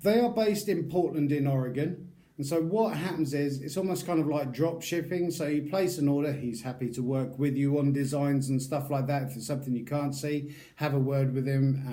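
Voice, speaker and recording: A man's voice: mid-range voice, normal speed, mellow. A middle-aged British man from the UK, giving a casual, rambling product review as a YouTube reviewer. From United Kingdom. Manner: chatty, rambling, loose and informal.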